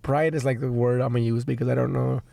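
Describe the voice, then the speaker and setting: A young man hosting a podcast, hoarse from a recent illness, rambling and swearing in casual chat. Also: mid-range voice, flat delivery, fast, warm tone, no room sound. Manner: rambling, laughing, swearing a lot. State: hoarse from being sick. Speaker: podcast host.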